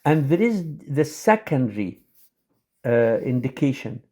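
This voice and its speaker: Halting male lecturer with many fillers. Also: mid-range voice, big pitch swings, mellow. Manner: says example sentences quickly. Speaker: teacher.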